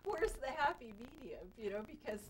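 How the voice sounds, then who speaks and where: A woman's voice: high voice, very animated, fairly quick, slight background noise, low-quality recording. Talk show host woman asking earnest questions. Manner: earnest questions, laughs easily. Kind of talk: studio talk show interviewing. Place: local TV studio.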